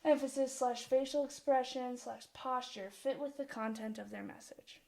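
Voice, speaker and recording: A woman's voice: high voice, normal speed, vocal fry, dark tone. A young woman co-presenting course material in a casual discussion, rambling, often breaking off mid-thought and laughing.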